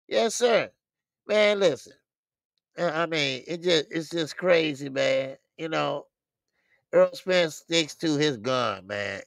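Slow gravelly-voiced man hosting a livestream. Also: mid-range voice, animated, fairly bright tone, no room sound. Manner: loose, talkative, laughs often, repeats phrases. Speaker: boxing channel host. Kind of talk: casual livestream chat.

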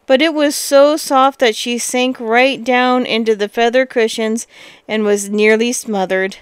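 A woman reading a fairy tale aloud as a storyteller, expressive, with lively exclamations. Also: fairly high pitch, unhurried, smooth, no echo.

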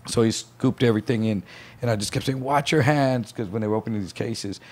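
A man's voice: lowish voice, a little fast, a little mellow. A man telling a story on a casual podcast, acting out the voices of the people in it. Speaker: podcast guest.

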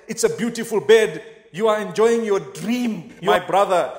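A man's voice: high-pitched, roomy sound, long reverb tail. A man preaching a sermon in a mosque, earnest and speaking straight to his listeners with questions. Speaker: Islamic preacher.

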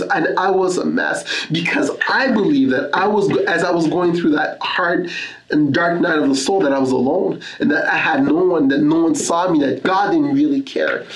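A man's voice: fairly high pitch, normal speed. Earnest man preaching in an echoey church. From Canada. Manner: earnest personal testimony with Scripture readings. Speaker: pastor. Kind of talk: sermon.

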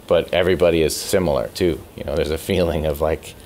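A man's voice: extremely low pitch, fairly even intonation, fast talker, darkish tone, slight background noise. A man talking casually as an interview guest, rambling with repeated words and easy laughs. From Canada. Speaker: podcast host as interview guest. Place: music store.

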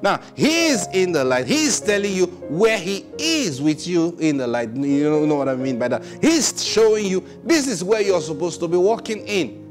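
A man's voice: high-pitched, big pitch swings, normal speed. Man preaching over background music. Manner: preaching with emphatic rhetorical questions; acts out prayers and replies in quotes. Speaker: pastor. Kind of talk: sermon.

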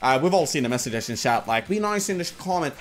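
A young man talks over a live casino game in a loose, rambling way, cracking jokes and swearing freely. His voice sits a little higher than most men's. Faint music plays quietly behind him. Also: animated, fast. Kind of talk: casual live gambling commentary.

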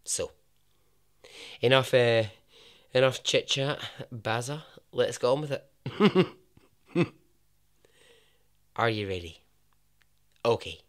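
A Scottish man hosting a podcast, narrating a true story in a chatty way with jokey asides and a lowered voice for emphasis. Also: takes it slowly, long pauses, fairly bright tone, clear, resonant tone. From Scotland. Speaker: podcast host.

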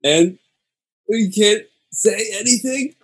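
A male podcast host with a slightly husky voice, chatting casually and reading out listener questions. His delivery is relaxed, with halting fillers between phrases. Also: high voice.

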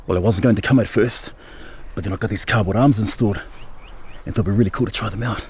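A man's voice: fairly low pitch, quick pace, a little mellow, slight background noise, natural voice. An actor playing a laid-back male soldier, chuckling and easygoing in a comedic fan film.

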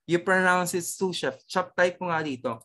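A cookery teacher with a Filipino accent gives an online class lecture, mixing English and Tagalog, tagging sentences with "okay" and "no?", and often pausing on fillers and restarts. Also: medium pitch, fairly bright tone. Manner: halting, with many restarts and fillers.

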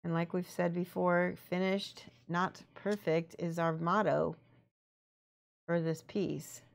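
A woman's voice: fairly low pitch, flat delivery, takes it slowly, vocal fry. A woman chatting casually on a live stream as she paints miniatures, thinking aloud and reading out the chat.

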